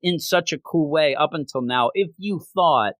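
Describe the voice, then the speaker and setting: A man's voice: fairly high pitch, moderate pace, fairly bright tone, no echo. A man hosting a manga review podcast in casual chat. He talks with animation and often slips into quoting characters.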